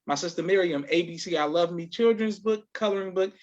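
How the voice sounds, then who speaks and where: Male podcast host, brisk sponsor reads, slightly high voice, dull lo-fi sound. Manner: affirming, brisk announcer-like delivery.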